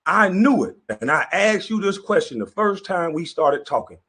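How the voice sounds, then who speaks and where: A man's voice: high-pitched, sing-song, moderate pace, bright, forceful tone, husky. A man delivering a profane comedic roast rant, laughing often as he goes. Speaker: commentator.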